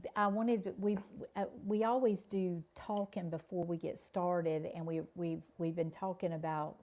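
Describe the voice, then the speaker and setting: Woman drawn-out Southern storyteller. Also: on the low side, fairly even intonation, mellow. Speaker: podcast co-host. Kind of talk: casual chat, storytelling.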